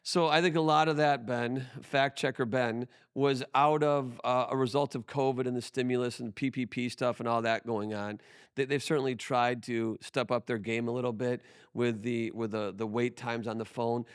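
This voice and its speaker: A man's voice: mid-range voice, steady tone, moderate pace, smooth. A man talking as a podcast guest about his business, emphatic and full of restarts. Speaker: guest, tax firm owner. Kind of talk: conversational podcast interview.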